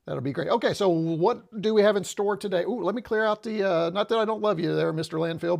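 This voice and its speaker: Slightly breathless and gravel-voiced, pitched a little high, a male streamer rambles through relaxed chat with his viewers. He leans on "uh" often and keeps restarting. The sound is close, coming from a small lapel mic.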